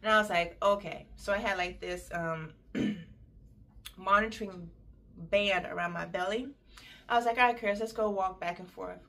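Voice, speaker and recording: Woman, young adult, casual storytime, chatty, animated, mid pitch. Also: normal speed. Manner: chatty, animated, acts out quotes. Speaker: storyteller vlogger.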